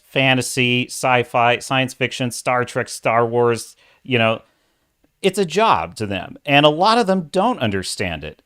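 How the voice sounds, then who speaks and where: A man's voice: medium pitch, a bit bright. Opinionated middle-aged man ranting on a livestream. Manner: opinionated, ranting, reads chat messages aloud. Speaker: livestream host. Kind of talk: casual livestream commentary.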